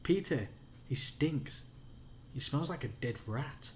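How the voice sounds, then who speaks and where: A Yorkshire man plays a stubborn, squeamish little boy from a spooky storybook. The voice sits well above his own, whiny and shrill. It comes from a bedtime reading. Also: animated, takes it slowly, a little mellow, slight background noise. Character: stubborn, squeamish young boy, the younger brother.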